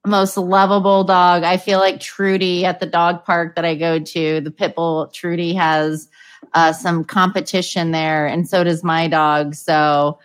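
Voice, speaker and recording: A woman's voice: lowish voice, flat delivery, a little slow. Enthusiastic woman podcast co-host from Oklahoma. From Oklahoma, USA. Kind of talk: casual chat.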